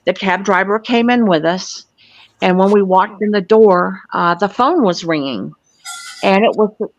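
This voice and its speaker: A lowish female voice, no echo, on a dull and dry lo-fi track. The speaker is a sixty-something UFO field investigator from Florida, a guest telling her personal story in an earnest, no-nonsense way.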